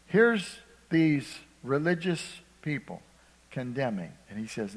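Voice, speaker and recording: A man's voice: medium pitch, animated, takes it slowly, creaky, breathy edge. A man preaching in a church, his mid-range voice trailing off into the long reverb of a big hall. He drives each point home with emphasis and keeps checking in with the congregation. He slips into little acted voices for the people he quotes. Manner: emphatic, asks the congregation "Amen?" often, acts out quoted speakers. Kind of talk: sermon.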